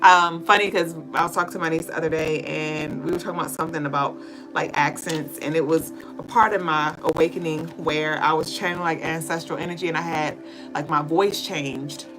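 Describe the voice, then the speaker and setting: A woman's voice: deep voice, steady tone, a little fast, rough recording. Chatty woman reading tarot over music. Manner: reads viewer comments aloud and answers them; loose, chatty, with fillers and swearing. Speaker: livestream spiritual reader and host. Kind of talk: casual livestream tarot reading. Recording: music bed under the voice. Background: music playing under the voice.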